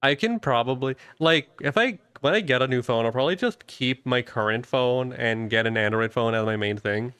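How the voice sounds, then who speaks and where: A young man rambles through casual stream chat, cursing freely and trailing off. His voice is smooth and clear. The sound is dry and close. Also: mid-range voice, normal speed, few pauses, fairly bright tone, dry recording. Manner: loose, rambling, swears casually. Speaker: streamer and VTuber host.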